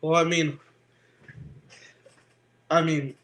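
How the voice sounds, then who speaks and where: A man's voice: a little high, flat delivery, extremely slow, a bit bright. A teenage boy co-hosting a podcast, chatting casually and rambling with lots of fillers and frequent swearing. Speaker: podcast co-host. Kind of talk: casual chat.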